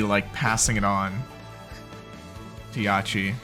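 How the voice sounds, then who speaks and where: A man's voice: lowish voice, steady tone, moderate pace, pauses often, sharp tone, soft background music. A man hosting an anime reaction video, talking in earnest and gushing, with a habit of rambling on. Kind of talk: casual reaction commentary.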